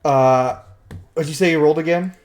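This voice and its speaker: A man running a tabletop game as game master over an online call, chatty and quick to laugh, often restarting his sentences as he narrates. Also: fairly high pitch, a little mellow. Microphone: online call microphone.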